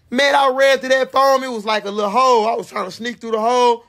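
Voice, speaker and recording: Gravelly-voiced young man telling a story. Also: high voice, fast, few pauses. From Fort Worth, Texas. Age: 20s. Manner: animated, profane, acts out his own screams and quotes. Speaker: vlogger. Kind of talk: casual storytelling to camera.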